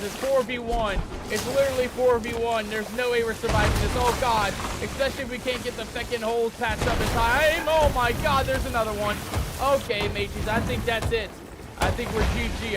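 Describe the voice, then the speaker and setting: Male gaming streamer, very high voice, excitable live commentary with pirate slang, game sounds clearly behind. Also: heavy background noise. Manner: excitable, panicky, peppers talk with pirate slang. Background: ship and water game audio.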